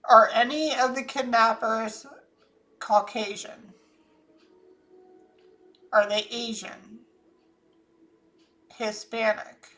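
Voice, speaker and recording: A woman's voice: fairly high pitch, fairly even intonation, drawn-out words, pauses often, fairly bright tone. Chatty Southern woman doing a psychic reading. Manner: chatty, thinks aloud, trailing restarts. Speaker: psychic channeler. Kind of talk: casual psychic reading monologue.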